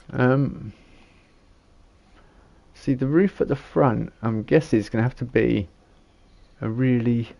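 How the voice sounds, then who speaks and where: A man's voice: medium pitch, creaky, mellow, lo-fi sound. A man, giving casual gameplay commentary and rambling as he thinks aloud while building. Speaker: gamer.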